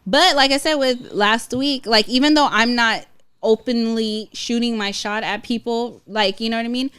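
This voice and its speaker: Young woman, smooth voice, rambling chat. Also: fairly high pitch, normal speed, fairly bright tone, dry recording. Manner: loose, filler-heavy talk with lots of "like". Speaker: podcast co-host. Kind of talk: casual chat.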